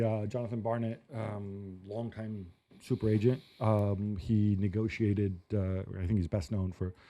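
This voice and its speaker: Male sports pundit, lower register and mellow; measured, filler-heavy panel talk. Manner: thoughtful, hesitant with many fillers. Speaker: football analyst.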